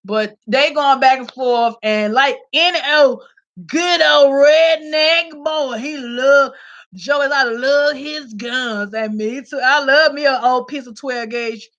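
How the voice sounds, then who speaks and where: A woman telling a story in casual commentary, loud and animated, swearing and laughing. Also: high voice, slow pace. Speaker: vlogger reviewing a documentary. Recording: slightly dull lo-fi audio.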